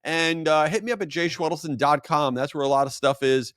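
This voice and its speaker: A man hosting a podcast, telling a casual story and acting out the other people's voices with big jumps in pitch. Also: brisk, a bit bright, dry recording, studio quality. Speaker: podcast host.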